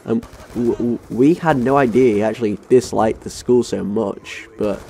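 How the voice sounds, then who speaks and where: Gravelly young Englishman telling a story. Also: mid-range voice, normal speed, mellow, slight background noise. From England. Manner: rambling, casual, sweary. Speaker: gaming channel host. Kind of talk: story time over gameplay.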